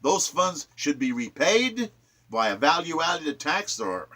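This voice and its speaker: A man's voice: on the high side, sing-song, slow, pushed and bright. A man reciting his own sonnets and following them with impassioned, preachy political commentary. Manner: ranting, preachy, emphatic.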